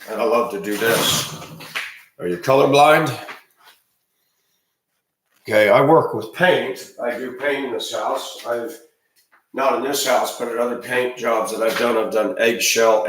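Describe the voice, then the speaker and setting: A man's voice: on the low side, recorded from a distance, slight background noise. A man in his fifties giving an emphatic, rambling ranting monologue with frequent restarts. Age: 50s. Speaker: video commentator. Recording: very echoey room, voice off-mic.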